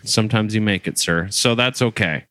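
A man's voice: fairly low pitch, normal speed, fairly bright tone, a little hiss or hum. A man co-hosting a casual podcast, chatty and teasing, introducing a topic. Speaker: podcast co-host.

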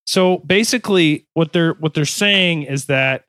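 A man's voice: on the high side, a little slow, a bit bright, no room sound. Male podcast host, casual reader, jokey asides, dry close-miked sound. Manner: joking, self-interrupting while reading. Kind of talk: casual chat, reading notes aloud.

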